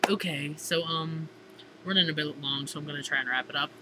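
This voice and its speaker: A woman's voice: low-pitched, fairly even intonation, a little fast, background noise. A teenage girl chatting casually in a diary-style vlog, gushing and theatrical, filling her talk with "like". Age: teens. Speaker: vlogger.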